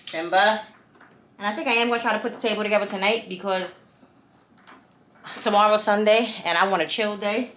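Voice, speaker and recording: A woman's voice: medium pitch, steady tone, fast, a bit bright. A woman chatting to her camera while she assembles furniture at home, exasperated and talkative. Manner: talkative, exasperated, addresses viewers as y'all. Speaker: vlogger. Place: room at home. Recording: echoey room with faint noise.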